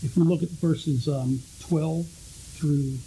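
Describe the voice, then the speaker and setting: A man's voice: fairly high pitch, steady tone, slow, mellow, slight background noise, rough recording. A male pastor giving a conversational teaching sermon, often restarting and repeating words as he explains.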